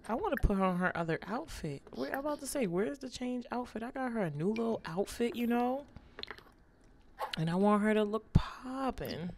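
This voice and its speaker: A woman's voice: mid-range voice, animated, fairly quick, darkish tone, a little hiss or hum. A woman hosting a life-simulation let's play, giving a sassy, joking running commentary on what the characters do. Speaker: gaming channel host.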